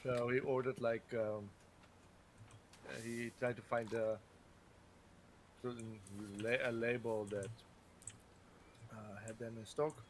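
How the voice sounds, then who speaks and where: A man's voice: mid-range voice, takes it slowly, long pauses. A man hosting a game stream, chatting casually and rambling with lots of restarts. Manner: rambling, many restarts and hedging fillers. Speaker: streamer host. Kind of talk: casual chat while gaming. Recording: steady background noise.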